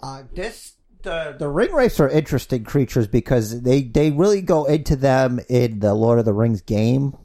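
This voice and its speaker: A male podcast co-host talking in loose, rambling chat. He has a mellow, darker voice and swears constantly as he retells things. His pitch sits at an ordinary middle level for a man. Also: animated, normal speed, few pauses. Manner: rambling, swears a lot, acts out scenes. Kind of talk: casual profane chat.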